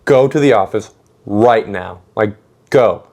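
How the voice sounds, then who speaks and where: A man's voice: on the low side, a little slow, a little mellow. A man voicing a tired female schoolteacher who speaks curtly and firmly.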